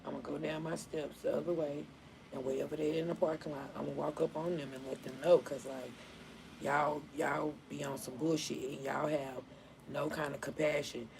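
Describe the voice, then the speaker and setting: A woman hosting a casual live stream, telling stories in an animated way and laughing often. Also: sits low, normal speed, vocal fry, noisy background.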